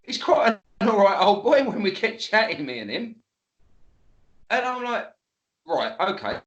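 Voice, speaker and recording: A man spins an animated tale. He laughs often and swears freely. His voice sits a bit high and rings in a roomy space. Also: normal speed, dull audio. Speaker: guest. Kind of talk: casual storytelling.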